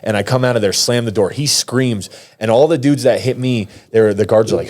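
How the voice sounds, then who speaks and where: A low-voiced man sits in a podcast studio as a guest. He tells his story casually, in a slangy, rambling way. He restarts his sentences often. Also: a little fast, darkish tone. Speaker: guest, pro fighter.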